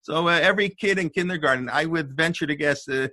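An older man teaching a Torah class in a bright, forceful voice that sits a little high. He talks discursively and thinks aloud, with restarts and asides. The sound is close and dry. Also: fast, dry recording. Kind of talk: informal Torah lesson.

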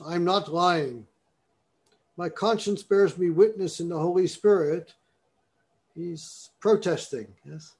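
A man's voice: sits high, a little mellow. A man giving a university lecture in a classroom, talking his way through a topic and reading passages aloud with emphasis.

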